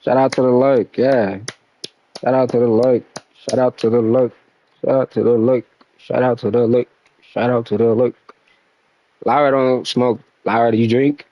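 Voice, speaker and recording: A man's voice: mid-range voice, little pitch movement, moderate pace, pauses often, lo-fi sound. Laid-back young male streamer. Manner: laid-back, slangy, talks to chat. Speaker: game streamer. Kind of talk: casual stream chat.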